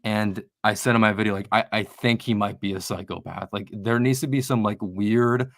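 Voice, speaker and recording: A man's voice: on the low side, steady tone, moderate pace, fairly bright tone, no echo, clean studio sound. A man on a casual podcast chat, a sneaker YouTuber guest who rambles heatedly, swears and restarts his sentences.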